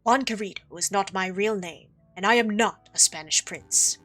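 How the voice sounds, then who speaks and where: A woman voicing a sly, smooth-talking male fox con artist in a game playthrough, theatrical and evasive. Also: medium pitch, normal speed, fairly bright tone, soft background music, natural voice. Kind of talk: reading game dialogue aloud.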